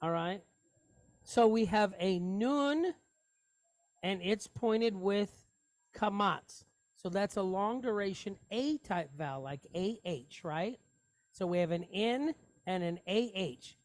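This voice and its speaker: A woman of middle pitch leads a Hebrew reading lesson, sounding out words one syllable at a time. She speaks slowly and patiently and often stops to ask a question before she answers it. Her voice is close to the mic, and the room is dry. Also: animated, no room sound. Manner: patient, step-by-step, asks rhetorical questions. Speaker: Hebrew teacher.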